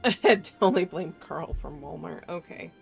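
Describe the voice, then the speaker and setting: A woman's voice: deep voice, normal speed, gravelly. A woman game streamer chatting casually with viewers, sleepy and trying not to yawn. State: sleepy, stifling yawns. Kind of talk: casual gaming stream chat. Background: faint chill background music.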